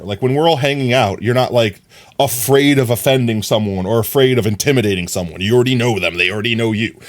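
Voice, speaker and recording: A man livestreaming, chatting casually with his viewers in an animated, filler-heavy way. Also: lowish voice.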